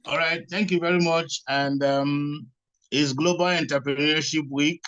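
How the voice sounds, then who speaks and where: A man's voice: a little high, steady tone, unhurried, fairly bright tone, no echo. Man moderating a video call, dry muffled sound, upbeat, lots of ums. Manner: upbeat, filler-heavy speech. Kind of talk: online meeting moderation.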